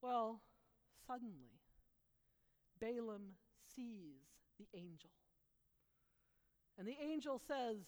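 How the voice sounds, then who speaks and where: A woman telling a Bible story in an animated, dramatic way with emphatic pauses, heard with long hall reverb. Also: on the high side.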